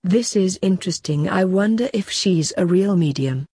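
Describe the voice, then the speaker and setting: A woman's voice: on the low side, animated, moderate pace, warm tone, husky, no room sound, clean studio sound. A woman voicing a playful man who is secretly a grim reaper, with a teasing, amused manner.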